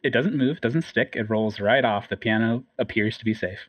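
A man's voice: lowish voice, moderate pace. A man running a tabletop game as game master, explaining the rules in a matter-of-fact way. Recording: dull, dry lo-fi mic.

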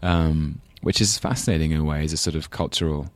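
A man's voice: a bass voice, steady tone, brisk, slight background noise. An English man in his thirties with a London accent, chatting as a guest in an interview, rambling and self-deprecating, laughing often. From England. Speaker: actor guest. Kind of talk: casual interview chat.

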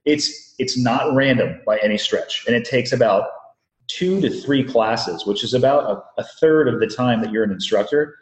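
A man calmly explaining as a guest, measured and precise. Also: mid-range voice. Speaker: former dive instructor guest. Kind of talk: casual interview chat. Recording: echoey room.

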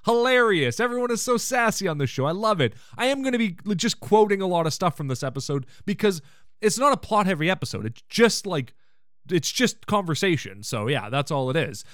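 A man's voice: high voice, big pitch swings, brisk, a bit bright, dry recording, studio quality. A man hosting a podcast, recapping an episode in casual chat, enthusiastic and full of joking asides. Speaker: podcast host.

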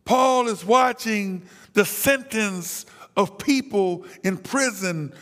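A man preaching an impassioned sermon, dropping to a hush and then crying out, often repeating words. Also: high voice, takes it slowly, in a large hall.

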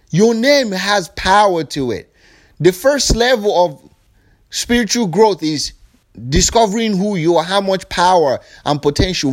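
A man giving a fervent spiritual monologue, preachy and profane, often acting out other people's voices. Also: sits high. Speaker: spiritual speaker.

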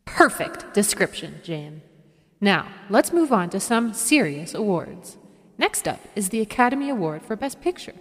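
A woman's voice: medium pitch, sing-song, moderate pace, long reverb tail, natural voice. A woman playing a smarmy male awards-show co-host with hammy showbiz patter.

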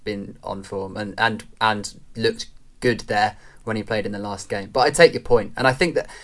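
Animated football pundit. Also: mid-range voice, moderate pace. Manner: animated, argumentative, quotes fans in mock voices. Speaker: football podcast co-host. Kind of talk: casual football podcast chat.

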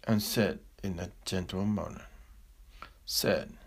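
Slow, gravelly man giving a discourse. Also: fairly low pitch, expressive. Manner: slow, deliberate, with long pauses. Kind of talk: philosophical discourse.

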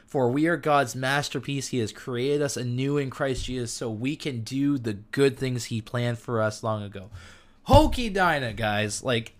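A young man hosting a casual Bible talk who keeps getting excited, interrupting himself and reading verses aloud. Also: mid-range voice, normal speed, hardly any pauses. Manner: enthusiastic, gets amped and self-interrupts. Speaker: podcast host.

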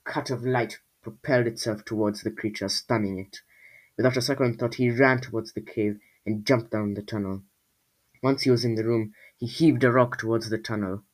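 A man's voice: lowish voice, low-quality recording. Man casually reading a storybook. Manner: jokey asides to listeners. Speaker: storybook reader.

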